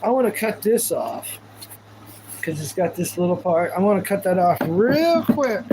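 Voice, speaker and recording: A man's voice: high voice, expressive, normal speed, noisy background. A man chatting casually on a live stream, rambling and goofy, thanking viewers as he goes. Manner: goofy, rambling, talks to chat.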